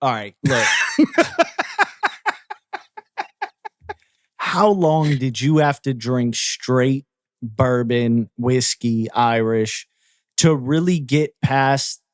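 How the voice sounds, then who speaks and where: A man co-hosting a casual chat podcast, talking in an animated, sweary way and pressing his point. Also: medium pitch, slow pace, no echo. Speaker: podcast co-host.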